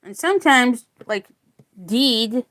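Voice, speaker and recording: Woman teacher, higher voice, unhurried lesson delivery, sounds out and repeats each word. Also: expressive, a bit bright. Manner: slow, deliberate, repeats words to sound them out. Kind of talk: spoken phonics lesson.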